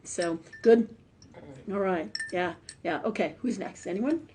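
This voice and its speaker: A woman with a medium-pitched, slightly mellow voice speaks at a measured pace over a faint hiss or hum. She hosts a live spiritual forum as a medium, chatting and praying in a chatty way. She keeps tagging her sentences with "right?"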